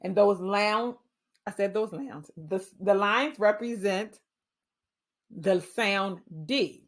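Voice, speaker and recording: A woman teacher giving a reading-skills training talk, patiently sounding out letter sounds. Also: mid-range voice. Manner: clear, patient, sounding out phonemes slowly.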